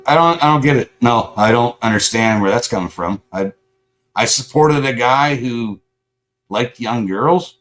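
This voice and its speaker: Unhurried and fairly bright in tone, this man's medium-pitched voice belongs to a combative livestream host. He rants at his chat with anger, profanity, and sarcasm, confronting them head-on.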